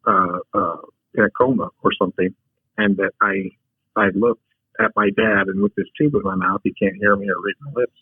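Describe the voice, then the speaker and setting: A man's voice: deep voice, creaky, breathy edge, no echo. A man telling a frank personal story as a podcast guest, a take-charge talker who often restarts his sentences. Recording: tinny phone-like line.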